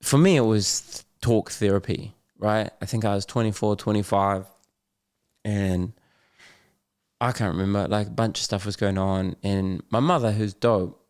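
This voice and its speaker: A man's voice: on the low side, fairly even intonation, measured pace, darkish tone, clean tone, dry recording, studio quality. A middle-aged man with a New Zealand accent, talking candidly and loosely as a podcast guest, with slang and laughs. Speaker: podcast guest, Muay Thai champion. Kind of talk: candid casual conversation.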